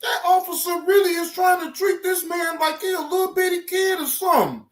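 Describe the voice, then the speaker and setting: Very high-voiced woman ranting loudly. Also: brisk. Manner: loud, swearing, indignant outbursts. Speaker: reaction video host. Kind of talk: casual reaction commentary.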